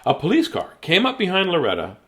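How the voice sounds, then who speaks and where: A man's voice: high voice, huge pitch swings, fast, a bit bright, a little hiss or hum. A man reading a picture book aloud, playful and chatty, drifting into tangents. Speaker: children's story reader.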